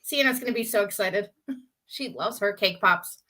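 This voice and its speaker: A woman's voice: mid-range voice, normal speed, pushed and bright. Giggly teasing woman, Southern US accent. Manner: giggly, teasing, laughs often. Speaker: co-host. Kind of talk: casual chat on a live video show.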